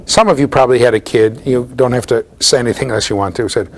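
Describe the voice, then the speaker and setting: A man giving a classroom lecture at a university, chatty and animated, asking the class questions and acting out little voices. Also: medium pitch, fast talker, few pauses, a little hiss or hum.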